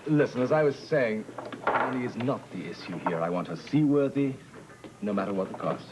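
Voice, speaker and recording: An actor with a British accent playing a polite, wealthy ship-owning lord, in 1980s soap opera acting. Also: male voice, medium pitch, animated, moderate pace, very noisy, close to an everyday voice. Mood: courteous. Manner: polite, formal, reserved. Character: wealthy foreign male ship owner, courteous lord.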